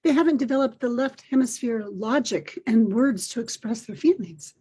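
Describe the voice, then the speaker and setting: An older woman hosting a podcast, telling a personal story in a gentle, reflective way. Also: fairly high pitch, normal speed, breathy edge. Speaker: podcast host.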